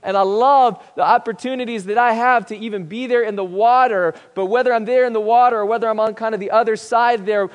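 A male pastor preaching a sermon, swinging between loud emphatic declarations and hushed, quiet lines. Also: high voice, steady tone, fairly quick, few pauses, lo-fi sound. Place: church sanctuary. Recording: long reverb of a church hall.

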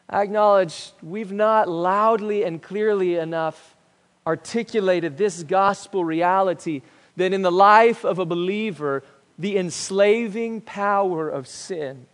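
A male pastor preaching a sermon, swinging between loud emphatic declarations and hushed, quiet lines. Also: high-pitched. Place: church sanctuary. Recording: long reverb of a church hall.

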